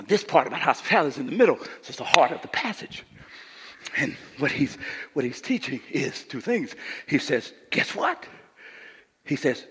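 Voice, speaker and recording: A man from Louisiana, preaching a sermon as pastor and swinging between quiet asides and shouted lines. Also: a little high, creaky, slightly rough. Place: church sanctuary. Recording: live church hall reverb.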